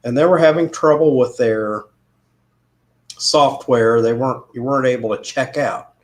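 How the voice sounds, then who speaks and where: A man's voice: mid-range voice, normal speed. A man hosting a casual chat with friends, telling stories and laughing at them. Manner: laughs at his own stories.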